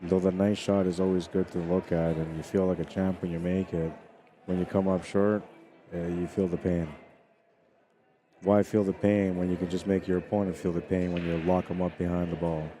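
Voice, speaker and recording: Low, dark-voiced man commentating pool. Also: flat delivery, normal speed, slight background noise. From Spanish heritage. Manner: chatty, laughs, reads viewer comments aloud. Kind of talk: casual live-stream commentary.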